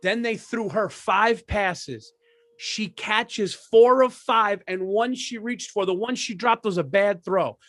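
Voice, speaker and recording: A middle-aged man from the United States, co-hosting a podcast and telling a story in an animated, profane way. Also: high voice, slow, no room sound. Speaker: podcast co-host. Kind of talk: casual comedic storytelling. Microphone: studio microphone.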